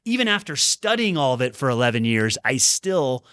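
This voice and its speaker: A man's voice: mid-range voice, big pitch swings, fairly bright tone, clear, resonant tone, no room sound, studio quality. A man and former pro tennis player, a podcast guest, reflecting earnestly on his career in candid storytelling. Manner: earnest, reflective, talks in quick bursts.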